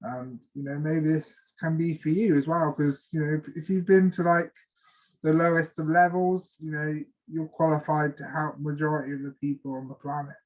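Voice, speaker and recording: Higher-voiced man talking motivation, muffled. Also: little pitch movement, moderate pace, darkish tone. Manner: loose, filler-heavy, motivational. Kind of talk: casual conversational chat. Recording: dull lo-fi call audio.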